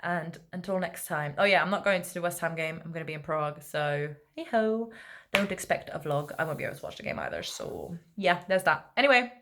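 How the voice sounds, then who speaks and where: A woman's voice: deep voice, animated, a little fast, a bit bright. A young woman fan talking casually in a rambling, laid-back vlog, full of fillers and asides. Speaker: football fan vlogger.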